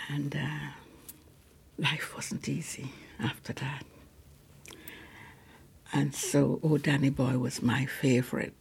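An elderly woman, a lay preacher, recalls her past in a deeply husky, breathy voice full of gravelly fry. She talks slowly and softly, often sinking almost to a whisper. She is recorded inside a large cathedral. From Guyana. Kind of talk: personal storytelling.

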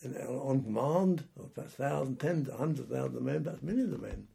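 A man's voice: medium pitch, expressive, a little fast, dark tone. An older man, a war veteran, telling rambling stories from his service in an oral history interview, often repeating and restarting words. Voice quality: gravelly and raspy.

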